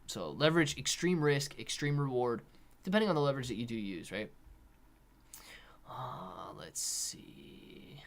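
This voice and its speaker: A man's voice: medium pitch, unhurried. A young man hosting a live stock and crypto stream, talking casually, reading chat questions and slipping into sarcastic rants. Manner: animated, sarcastic rants, reads chat aloud. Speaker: livestream host. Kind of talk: casual live market commentary.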